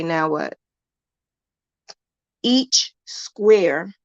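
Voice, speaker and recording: A woman's voice: on the low side, dry recording, lo-fi sound. A woman hosting a casual crochet livestream lesson, chatty, emphatic and self-assured, repeating points for emphasis in colloquial speech. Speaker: crochet teacher and livestream host.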